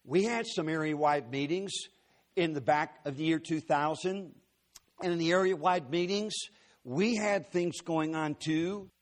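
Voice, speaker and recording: A man's voice: high voice, a little mellow. Joking, storytelling preacher man. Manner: folksy, joking asides to the congregation. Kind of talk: sermon with storytelling.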